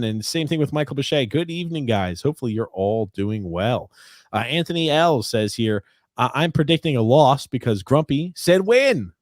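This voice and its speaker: A man's voice: on the low side, no room sound, studio quality. A young man co-hosting a casual sports podcast, reading ads and comments in a rambling, joking way with many fillers. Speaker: podcast co-host.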